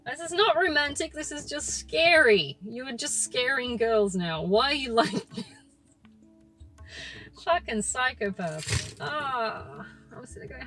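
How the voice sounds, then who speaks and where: A woman's voice: on the high side, big pitch swings, moderate pace, faint music behind. A young woman hosting a podcast, talking bluntly and swearing freely while she drives, with laughs between her points. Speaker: podcast host. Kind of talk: casual monologue while driving. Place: in a car. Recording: loud car road noise. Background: car road noise.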